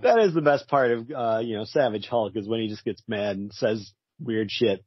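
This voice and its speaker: A man's voice: on the low side, normal speed, husky, no echo. Wry, joking man co-host. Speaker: podcast co-host. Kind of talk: casual chat about comics. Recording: dull lo-fi podcast audio.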